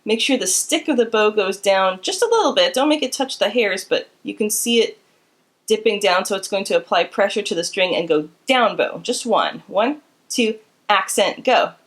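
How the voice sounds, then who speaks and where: A woman's voice: mid-range voice, animated, moderate pace. Woman, string teacher, instrument lesson, encouraging, counting in. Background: instrument playing.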